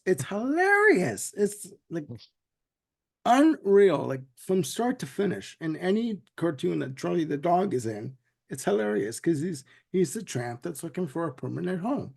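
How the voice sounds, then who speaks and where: A man's voice: fairly high pitch, vocal fry, a little mellow. A man hosting a casual podcast chat, rambling through a retelling with lots of "you know"s. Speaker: podcast host.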